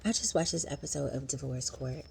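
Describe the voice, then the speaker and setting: A woman in her thirties recapping a TV episode in casual, animated vlog commentary, acting out quotes. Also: fairly quick, vocal fry, a little hiss or hum. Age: 30s. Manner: chatty, animated, acts out quotes in higher voice. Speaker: vlogger.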